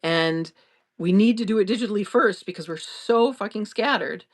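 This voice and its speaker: A woman's voice: mid-range voice, moderate pace. Earnest, rambling woman host. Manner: rambling, earnest and reassuring, with frequent restarts and laughs. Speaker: podcast host. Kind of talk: improvised casual monologue.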